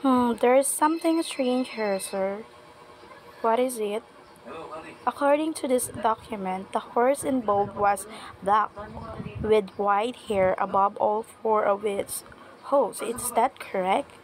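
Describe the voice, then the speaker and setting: A woman reading the lines of a polite, formal male knight in measured, careful speech. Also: a little high, slight background noise, rough recording. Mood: reserved.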